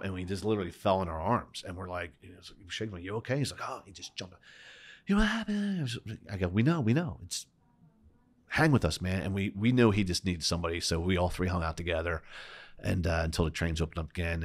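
A middle-aged man, a podcast guest, retelling a personal story with lively quoted voices. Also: deep voice.

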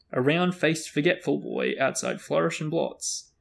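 A man with a gravelly voice reads a novel aloud. He acts out the dialogue with lively character voices and stops now and then for casual chat. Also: a little high, measured pace. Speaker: book discussion host reading aloud.

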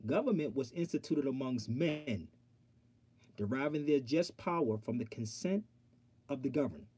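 A man hosting an online livestream, talking straight to his viewers in an animated, preachy way and reading aloud from a law dictionary. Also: a little high, breathy edge. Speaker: online show host. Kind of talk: casual livestream talk.

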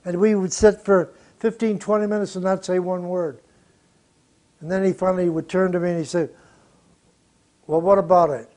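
An older man with a high-set voice recounts his producing days in an interview. He tells it bluntly, drops profanities freely and chuckles between his stories. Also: flat delivery, fairly quick, mellow. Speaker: record producer. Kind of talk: interview storytelling.

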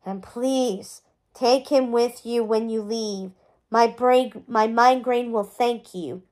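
A woman's voice: on the high side, steady tone, slow, a little mellow. A woman voicing a drained, exasperated woman in a storybook read-aloud, groaning and fed up.

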